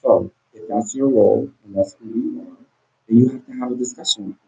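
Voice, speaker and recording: Speaking fairly quickly in a medium-pitched voice that is gravelly, mellow and slightly rough, a man confronts and pleads with the camera in an intense, emotional monologue. He often repeats and restarts his words, and the recording is dull and lo-fi.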